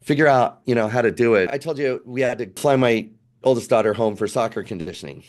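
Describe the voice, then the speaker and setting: A man in his fifties, a podcast guest telling a family travel story in a casual, animated way, acting out what people said. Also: mid-range voice, quick pace. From United States. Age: 50s.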